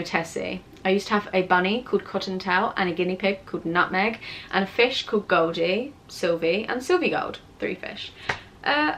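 Young British woman, late teens, casual vlogger answering questions; chatty, self-mocking, mid-pitched voice. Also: fairly bright tone, slight background noise. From England. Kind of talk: casual Q&A chat. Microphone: camera on tripod with ring light.

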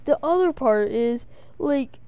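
A woman giving casual commentary while playing a shooter, rambling and jokey, her voice jumping into high excited bursts. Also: takes it slowly, smooth, dry recording. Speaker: let's play commentator.

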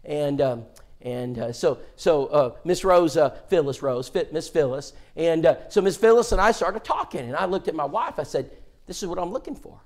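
Animated male preacher telling a story. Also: on the high side, moderate pace. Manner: animated, stammering restarts, acts out dialogue. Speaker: preacher, guest seminar speaker. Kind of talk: sermon storytelling. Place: church.

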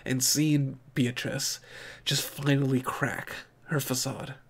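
A man giving casual, excitable reaction commentary as an anime reviewer, swearing and thinking aloud, openly moved. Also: medium pitch, takes it slowly, a little hiss or hum. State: emotionally moved.

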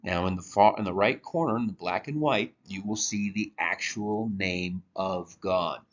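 Male church teacher, low voice, unhurried, walks through slides step by step. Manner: slow, deliberate explaining with halting restarts. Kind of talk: slide-based Bible lesson. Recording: dull lo-fi recording.

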